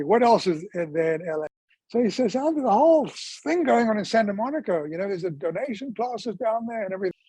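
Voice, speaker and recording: A man in his sixties talks through his life story in a relaxed interview, slipping into the voices of people he quotes. His voice sits high for a man. It is recorded close and dry, with no room sound. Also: slightly rough, dry recording, poor audio. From South Africa. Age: 60s. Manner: chatty storyteller who acts out quoted dialogue.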